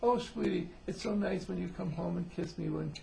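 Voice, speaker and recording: A man's voice: high-pitched, moderate pace, vocal fry, warm tone, slight background noise, pitched above the performer's own voice, poor audio. A man doing a cooing baby-talk wife. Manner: sing-song baby talk. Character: cooing baby-talking wife, adult woman.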